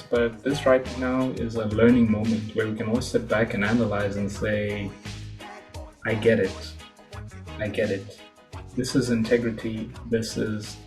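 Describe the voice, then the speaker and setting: A man with a middle-pitched voice hosts a commentary video. He speaks calmly and deliberately, giving his viewers a moral lesson. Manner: calm, measured, moralizing. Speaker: host. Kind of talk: reaction commentary.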